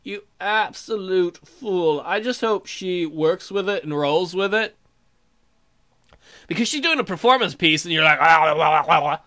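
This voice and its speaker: Animated, bright-voiced man doing game commentary. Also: high-pitched, unhurried. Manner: loud, swearing banter with sudden exclamations. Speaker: let's play host. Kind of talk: casual gameplay commentary.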